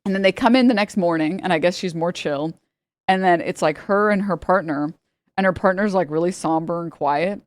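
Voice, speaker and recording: A woman with a lowish, brisk voice tells a loose, rambling story while livestreaming, chatting casually, laughing often and copying how the people in it talked. The recording is dry.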